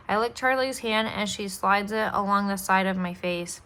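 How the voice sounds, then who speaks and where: Bright-voiced woman reading a children's book. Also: medium pitch, moderate pace, few pauses. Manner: friendly, apologizes for slips. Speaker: storyteller, channel host.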